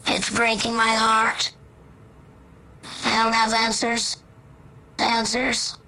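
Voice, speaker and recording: Lady playing a baby lion cub, bright voice, slow and earnest, keeps repeating itself. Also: on the high side, monotone, exaggerated voice, low-quality recording. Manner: slow, repetitive, earnest radio-style calling.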